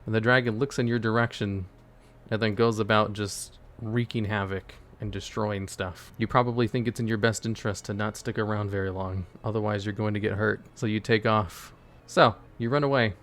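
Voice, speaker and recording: A man's voice: fairly low pitch, fairly even intonation, normal speed, a bit bright. Joking man narrating a stream adventure. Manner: joking, offhand, talks to chat. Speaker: game master and streamer. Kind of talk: casual tabletop game narration.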